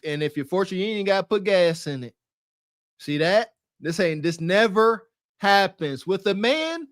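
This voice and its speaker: A man co-hosting a podcast, giving casual sardonic commentary on a video and drawing out words for effect. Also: a little high. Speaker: podcast co-host.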